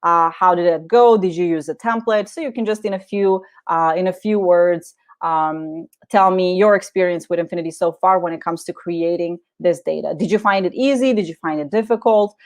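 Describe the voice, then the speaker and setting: A woman hosting a live software tutorial webinar, talking viewers through each click in a friendly way with many fillers. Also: on the low side, moderate pace. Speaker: webinar presenter.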